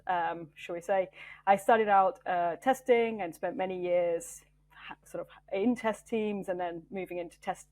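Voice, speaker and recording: A woman's voice: lowish voice, darkish tone. A woman engineering manager talking in an interview, thoughtful and loose, with many fillers and restarts. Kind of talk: interview conversation.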